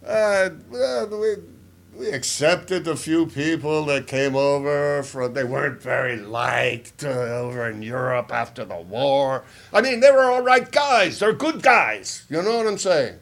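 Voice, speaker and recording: A man's voice: a little high, expressive, unhurried, creaky, a bit bright, full character voice. A man doing a wisecracking Groucho-style old schemer. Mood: sly. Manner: wisecracking, drawling, mock-confiding asides. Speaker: comedian in character. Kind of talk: improvised comedy interview.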